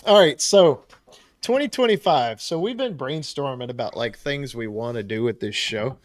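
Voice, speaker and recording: Man, podcast co-host, casual chat, rambling, laughs a lot, mid-pitched voice. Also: lively intonation, normal speed. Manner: easygoing, rambling, laughs often.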